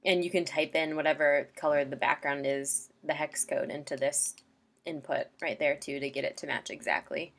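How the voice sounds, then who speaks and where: A woman's voice: low-pitched, steady tone, moderate pace, fairly bright tone. A woman casually walking a client through website templates in a screen-share tutorial, chatty and loose with lots of ums and likes.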